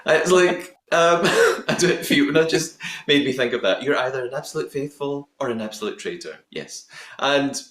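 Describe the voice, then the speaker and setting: A man hosting a podcast, recapping a reality show in a chatty, giggly, animated way. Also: medium pitch, normal speed. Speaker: podcast host. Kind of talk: casual recap chat. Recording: roomy echo.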